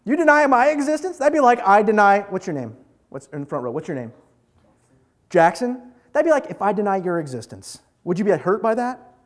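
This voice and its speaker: A young man preaching a casual, joking sermon to a live group, talking animated and conversational. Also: high-pitched, fairly quick.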